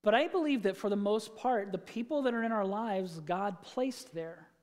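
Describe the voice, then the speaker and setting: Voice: mid-range voice, normal speed, a little mellow, long reverb tail. A pastor preaching a sermon in a conversational way, asking the congregation questions and telling stories.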